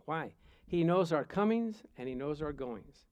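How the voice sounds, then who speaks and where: High-voiced man preaching with playful stories. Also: animated, a little slow, darkish tone, dry recording, muffled recording. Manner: storytelling, playful, chuckles often. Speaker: pastor. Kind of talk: sermon with personal stories.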